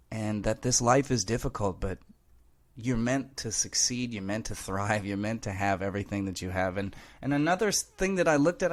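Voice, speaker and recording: A young man hosts a heartfelt podcast monologue. His voice sits in the middle of the male range, and he speaks earnestly and with emphasis, calling his listeners man and brother. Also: medium pitch. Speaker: podcast host. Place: Los Angeles.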